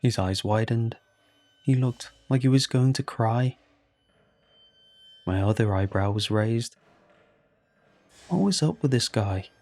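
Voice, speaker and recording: A man narrating a first-person horror story in a calm, measured way. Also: mid-range voice.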